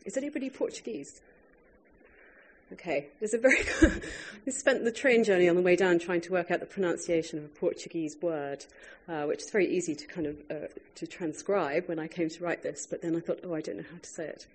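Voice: mid-range voice, brisk, husky. An author reading their own food writing aloud to a live audience, wry and breaking off now and then for chatty asides.

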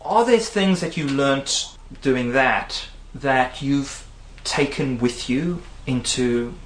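A man's voice: mid-range voice, takes it slowly, roomy sound. A male interviewer asking questions in a conversational way and qualifying as he goes. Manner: inquisitive, qualifies his questions.

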